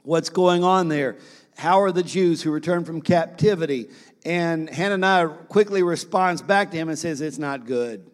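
A man with a high voice preaches a sermon from the pulpit. He works the congregation with repeated phrases and questions, and his voice rings with the long reverb of a large hall. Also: moderate pace. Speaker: pastor.

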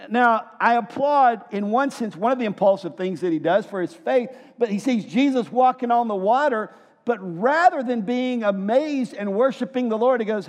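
A man preaching a sermon in a church hall, lively, asking his listeners questions and acting out quotes. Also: very high voice, moderate pace. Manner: lively, asks the room questions and acts out quotes. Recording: long hall reverb.

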